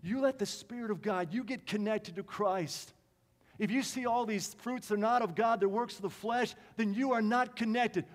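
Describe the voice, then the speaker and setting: A man preaching a sermon with passion, swinging from emphatic lines to quiet ones. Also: high voice, moderate pace. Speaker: pastor. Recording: long reverb of a large hall.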